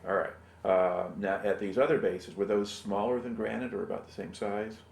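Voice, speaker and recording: A man conducting an oral history interview, asking patient, steady questions and giving short affirmations. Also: fairly low pitch, moderate pace, vocal fry. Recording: roomy room sound.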